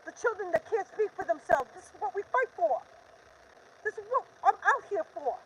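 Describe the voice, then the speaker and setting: A woman's voice: very high-pitched, lively intonation, normal speed, fairly bright tone, slight background noise, low-quality recording. Urgent, defiant older woman ranting. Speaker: livestream host. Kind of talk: impassioned live-stream rant.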